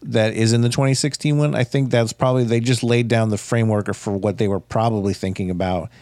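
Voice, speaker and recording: A man's voice: lowish voice, steady tone, quick pace, darkish tone, no echo, clean studio sound. A man co-hosting a podcast, chatting casually about a movie, rambling and swearing, often restarting his sentences. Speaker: podcast co-host. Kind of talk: casual movie review chat.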